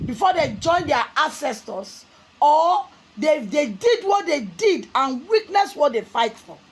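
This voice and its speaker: A Nigerian woman with a high, very animated voice delivers fiery commentary. She scolds and preaches, and her voice swoops up and down as she raises it into shouts. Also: a little hiss or hum, poor audio. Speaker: commentary vlogger. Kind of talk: impassioned political commentary.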